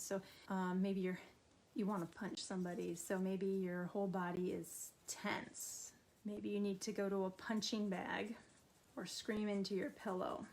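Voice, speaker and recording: Woman, middle-aged, art therapist, gentle, encouraging, talks straight to the viewer, mid-pitched voice. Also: slight background noise. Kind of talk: instructional art therapy video.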